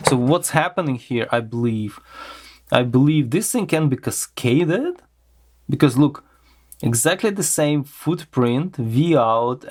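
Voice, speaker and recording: A man with a delivery talks slowly through a hands-on electronics teardown. His voice sits at a middle pitch, and he muses aloud with plenty of fillers and restarts. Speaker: electronics teardown channel host. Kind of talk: casual hands-on teardown commentary.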